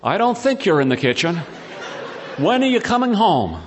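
A man's voice: high-pitched, big pitch swings, moderate pace, a faint crowd, slight background noise. A man voicing a flustered, anxious male caterer who is lost and pleading on the phone. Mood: puzzled. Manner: panicky, pleading.

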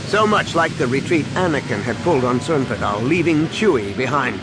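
Male narrator, mid pitch, very lively intonation. Dramatic audiobook reading, music under it. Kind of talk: scripted narration. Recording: music clearly behind.

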